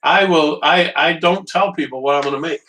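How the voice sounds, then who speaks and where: A man's voice: fairly high pitch, a little fast, bright, forceful tone, slight background noise. A man hosting a live home cooking stream, rambling and joking with viewers while he waits on his stove. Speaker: home cooking show host. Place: kitchen at a small portable stove. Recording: distant mic.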